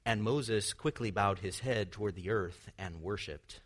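Guy with a lowish voice giving a sermon, earnest teaching, asks lots of questions, chuckles here and there. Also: unhurried. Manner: earnest teaching with light laughs and rhetorical questions. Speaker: pastor.

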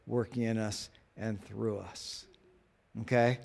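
Man, pastor, sermon, earnest, rhetorical questions, slightly higher voice, softens for quiet asides. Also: a little slow.

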